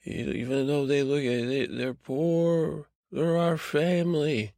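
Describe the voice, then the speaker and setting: A man's voice: fairly high pitch, little pitch movement, slow pace, gravelly, mellow, no echo, studio quality, voice pushed up. A man voicing an elderly grandmother who pleads protectively in a raised voice. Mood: pleading.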